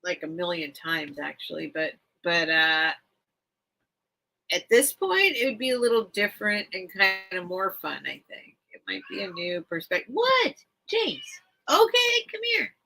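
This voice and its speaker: A woman's voice: on the low side, big pitch swings, moderate pace, creaky, bright, forceful tone, low-quality recording. A woman hosting a late-night livestream, rambling and chatting casually while she reads the chat, at home. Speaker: host of a live vintage sale stream.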